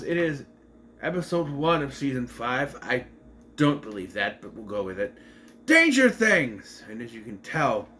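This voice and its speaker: Chatty, rambling man with a slightly high voice. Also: a bit bright, a little hiss or hum. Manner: meandering, self-correcting, chatty. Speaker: TV episode reviewer. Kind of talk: casual rambling recap.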